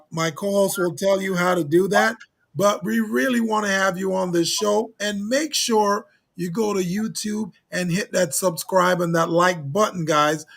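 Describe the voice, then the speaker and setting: Gravelly joking male co-host. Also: sits high, fairly bright tone. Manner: joking, playful banter. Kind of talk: casual video-call chat.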